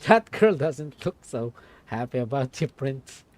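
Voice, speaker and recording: Young woman streamer, playful asides, lively but unhurried read. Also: a bass voice, slight background noise. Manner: playful, self-mocking asides. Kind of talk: live stream, reading aloud and commenting.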